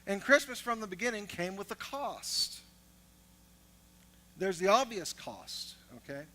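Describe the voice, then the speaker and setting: A man's voice: high voice, very animated, unhurried, bright, forceful tone, poor audio. A man preaching a sermon as pastor, moving from storytelling to emphatic teaching.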